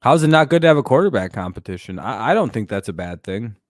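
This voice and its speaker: A man's voice: medium pitch, sing-song, quick pace, no echo, clean studio sound. Rambling, profane man chatting sports. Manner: frequent fillers and restarts. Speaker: host. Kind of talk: casual sports talk stream.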